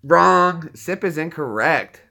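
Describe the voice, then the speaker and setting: A man's voice: on the high side, animated, slow, gravelly, pushed and bright. Laughing, teasing trivia host man. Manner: teasing, laughs often, reads answers aloud. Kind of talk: casual live-stream trivia hosting.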